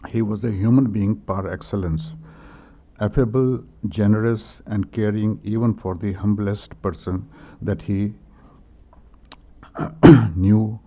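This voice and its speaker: An older man, reading condolence messages at a memorial, hesitant and emotional, often clearing his throat. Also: on the low side, steady tone, slow pace, long pauses, dark tone. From India. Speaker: speaker at a memorial tribute.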